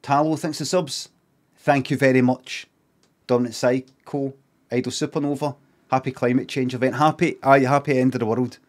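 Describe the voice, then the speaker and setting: A man's voice: mid-range voice, fairly even intonation, normal speed. A man with a Scottish accent chatting casually on a live stream, rambling and swearing, with sarcastic asides.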